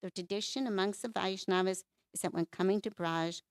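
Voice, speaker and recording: A woman's voice: mid-range voice, fairly even intonation, a little fast, no room sound. A woman giving a devotional class at a temple, telling scripture stories and acting out the quoted lines.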